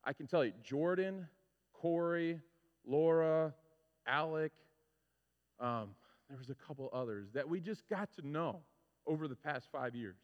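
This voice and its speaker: A male pastor preaching a sermon, telling stories with lively, animated delivery and acting out his own frustrations. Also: a little high, a little slow. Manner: animated storytelling, acts out his own complaints. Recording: muffled sound with long hall reverb.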